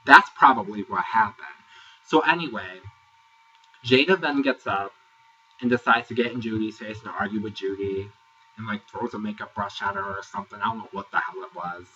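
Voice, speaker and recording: A man giving a sassy, exasperated casual review, ranting and sometimes mocking people in high put-on voices. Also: normal speed, sharp tone, far from the mic, slight background noise. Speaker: reality TV reviewer. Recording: dull, lo-fi, voice set back from the mic.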